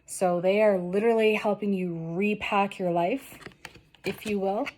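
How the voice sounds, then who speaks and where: With slight background noise behind her, a woman gives her viewers a general tarot reading that is earnest, encouraging, and full of emotion, and she becomes tearful and hoarse. Her mid-range voice stays steady and a little mellow at a measured pace.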